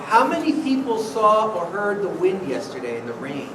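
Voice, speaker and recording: A priest telling a playful children's story in church and coaxing the kids with questions. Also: male voice, sits high, sing-song, moderate pace. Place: church sanctuary. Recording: echoey church from far off, noisy.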